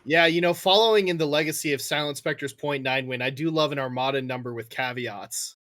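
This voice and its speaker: Bright, joking male host. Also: a little high, brisk. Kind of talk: casual panel chat.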